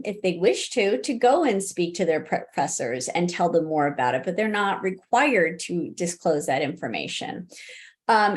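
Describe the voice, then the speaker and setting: Chatty woman with many restarts. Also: medium pitch. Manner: conversational, many restarts and fillers, laughs easily. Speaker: college disability services expert guest. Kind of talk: webinar interview answer.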